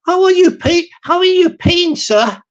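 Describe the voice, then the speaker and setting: A man's voice: very high voice, lively intonation, unhurried, muffled recording, pitched above the performer's own voice. A man voicing an overly polite male shop worker who keeps calling the customer sir. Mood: fawning. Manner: fawning, repeats "sir". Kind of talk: comic impression in a live stream.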